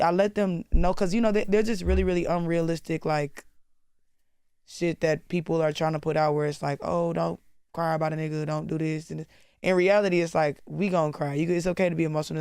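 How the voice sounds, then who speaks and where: A woman's voice: deep voice, a little mellow, clear, resonant tone, dry recording, studio quality. A woman rapper as interview guest, talking candidly in casual chat, swearing freely and turning dramatic at times. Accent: Southern US.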